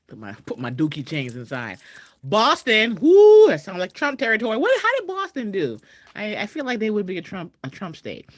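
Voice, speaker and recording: A woman hosting a casual livestream from home, chatting and shouting out viewers over a video call mic. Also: mid-range voice, huge pitch swings, normal speed, dry recording, clean studio sound. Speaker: host. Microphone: computer mic on a video call.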